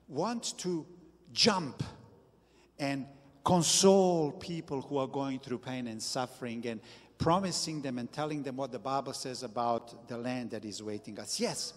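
A man preaching a sermon as pastor, slow and deliberate with emphatic bursts. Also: medium pitch, long reverb tail.

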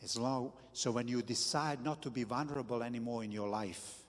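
A man preaching a sermon as pastor, slow and deliberate with emphatic bursts. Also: mid-range voice, fairly even intonation, long reverb tail.

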